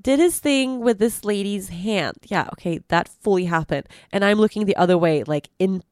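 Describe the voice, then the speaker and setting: A woman's voice: medium pitch, normal speed, a little mellow, no echo, studio quality. A young adult woman hosting a podcast, telling a story in a rambling way with many fillers and frequent laughs. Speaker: podcast host. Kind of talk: casual storytelling.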